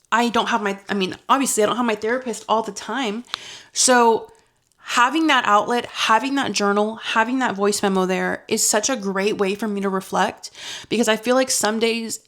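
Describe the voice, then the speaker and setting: A woman's voice: mid-range voice, fairly bright tone. Chatty, earnest young woman vlogger. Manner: chatty, earnest, gets emotional and laughs it off. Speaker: lifestyle vlogger. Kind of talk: casual confessional talk to camera.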